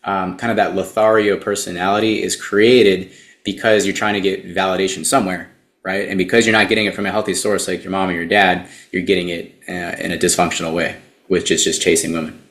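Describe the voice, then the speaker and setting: A man, a therapist and dating coach, who speaks as an interview guest in a measured way and explains things step by step. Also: sits low, little pitch movement, a bit bright, echoey room.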